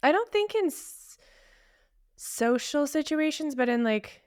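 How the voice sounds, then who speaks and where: A woman's voice: sits high, expressive, unhurried, no room sound, studio quality. A woman co-hosting a casual podcast chat, a supportive listener who affirms her partner often. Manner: supportive, affirming listener with many murmured agreements. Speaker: podcast co-host.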